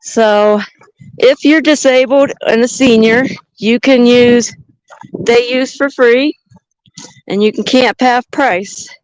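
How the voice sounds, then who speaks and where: A woman's voice: a little high, slow pace, smooth, no room sound, low-quality recording. A woman vlogging outdoors on a mountain trail, chatting and thinking aloud into a handheld camera as she hikes. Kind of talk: casual walking vlog narration.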